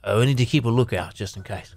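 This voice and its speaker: A man voicing a scheming, mocking middle-aged male knight in a text adventure game, with a low, gruff and condescending manner. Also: fast, darkish tone, no room sound, close to an everyday voice. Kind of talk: reading a text adventure aloud.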